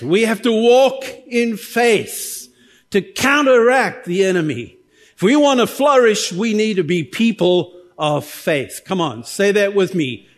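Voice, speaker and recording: A man preaching a sermon in a noticeably high, light voice. He is middle-aged and animated, and he keeps prompting the congregation to answer him with amens. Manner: lively, calls on the congregation for amens. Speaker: pastor.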